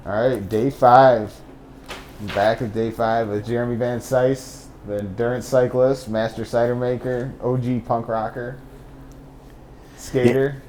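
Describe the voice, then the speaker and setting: A man hosting a casual interview, chiming in with short affirmations and joking asides in a relaxed way. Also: medium pitch, unhurried, slight background noise. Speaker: podcast host.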